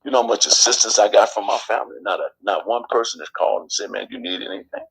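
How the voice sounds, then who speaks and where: Deep, husky man telling a heated story. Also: fast talker, poor audio. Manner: animated storytelling, acting out quoted family. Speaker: guest. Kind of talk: candid personal story.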